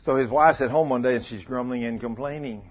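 A man preaching a storytelling sermon to a congregation, moving from hushed asides to loud pleading quotes. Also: medium pitch, a little fast, muffled recording. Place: church before a congregation.

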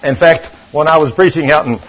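An older man preaching a sermon, telling stories and swinging between loud and hushed. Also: on the high side, brisk. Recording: dull lo-fi recording.

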